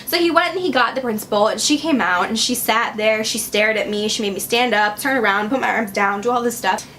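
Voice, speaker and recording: Young woman vlogger from Wisconsin, slightly high voice, chatty and sarcastic storyteller. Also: brisk, fairly bright tone, a little hiss or hum. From Wisconsin, USA. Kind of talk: storytime vlog.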